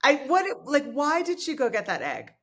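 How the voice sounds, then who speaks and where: A woman's voice: high-pitched, wildly swooping pitch, moderate pace. A woman hosting a podcast, talking in a bemused, wry way. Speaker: podcast host. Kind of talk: casual chat.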